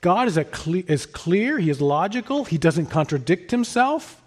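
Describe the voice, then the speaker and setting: A man preaching a sermon in an earnest, emphatic way, rising to stress his points and then dropping soft. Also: high-pitched, big pitch swings, moderate pace. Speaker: pastor.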